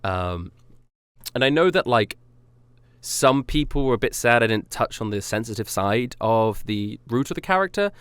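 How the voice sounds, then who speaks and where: A man's voice: mid-range voice, expressive, normal speed, a bit bright, clean tone, dry recording. A man streaming casual commentary as he ranks his own rap songs, rambling and self-critical as he talks them through.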